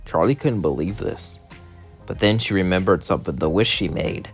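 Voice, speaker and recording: A man's voice: sits low, normal speed, slightly rough. Male narrator, casual and rambling fan storytelling, light music underneath. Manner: casual, loose, keeps saying "would say".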